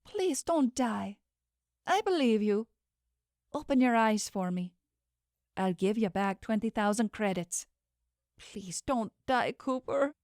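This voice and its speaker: A woman's voice: animated, takes it slowly, pauses often, a little mellow, dry recording, clean studio sound. A woman voicing a distraught young female investigator who pleads through tears, audiobook style. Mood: pleading. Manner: pleading, tearful, high-pitched.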